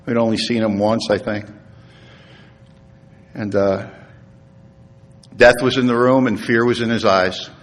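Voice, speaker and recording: A middle-aged man giving an earnest recovery talk to an audience, telling a personal story and sinking to hushed tones at its tender moments. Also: lowish voice, steady tone, a little slow, pauses often. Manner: earnest storytelling, acts out voices in quotes, drops to hushed tones. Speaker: AA speaker. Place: meeting hall. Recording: long hall reverb.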